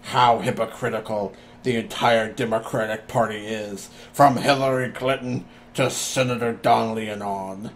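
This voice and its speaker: A young man co-hosting a casual podcast, talking quickly and joking, also reading aloud. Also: lowish voice, fairly even intonation, a little hiss or hum. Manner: quick, joking, laughs often. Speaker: podcast co-host.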